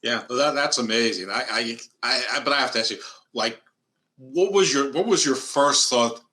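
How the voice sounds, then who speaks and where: Bright-voiced male interview host. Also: medium pitch, moderate pace. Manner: chatty, rambling questions. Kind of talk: casual interview.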